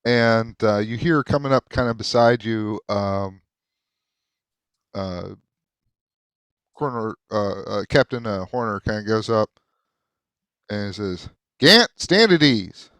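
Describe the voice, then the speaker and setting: A man narrating a tabletop game as game master, halting with many fillers. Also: lowish voice, clear, resonant tone, no echo.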